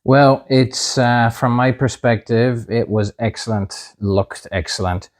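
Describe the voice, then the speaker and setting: A man hosting a casual slot car review, upbeat and pausing often with "um" and "uh". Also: medium pitch. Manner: upbeat, many "um" and "uh" fillers.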